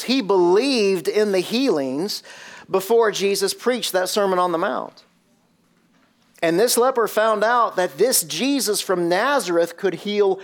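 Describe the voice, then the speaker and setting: A man preaching a sermon and retelling a scene vividly, with many rhetorical questions. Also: sits high. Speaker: pastor.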